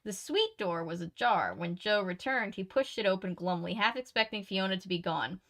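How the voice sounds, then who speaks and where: A woman with a middle-pitched voice reads a mystery novel aloud in a plain, steady narration. She breaks off often for chatty commentary, correcting herself as she goes. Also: moderate pace. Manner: chatty asides, laughs and self-corrections. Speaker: reader and channel host.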